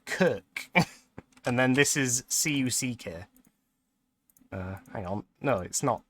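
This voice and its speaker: A man's voice: medium pitch, lively intonation, slow, a bit bright, slight background noise. A young man casually chatting and laughing often while commenting on a game he is playing on stream.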